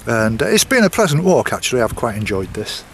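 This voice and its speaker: A man talks his viewers through a coastal walk in a loose, rambling way, trailing off into asides and small apologies. His voice sits in a middle register, and faint outdoor ambience hangs quietly behind him. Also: medium pitch, very animated, fairly quick, slight background noise. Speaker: walking vlogger. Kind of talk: casual walking vlog to camera.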